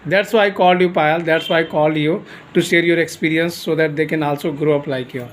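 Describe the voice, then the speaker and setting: A man's voice: a little high, steady tone, a little fast, slight background noise. A man teaching a spoken class, directing students and calling on them by name. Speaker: English teacher. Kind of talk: classroom instruction.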